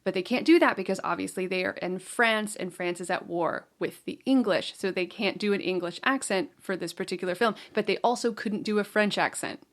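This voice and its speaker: A woman's voice: mid-range voice, brisk, hardly any pauses. A woman co-hosting a film podcast, explaining details from her prepared notes in casual chat. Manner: brings prepared notes, explains facts plainly. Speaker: podcast co-host.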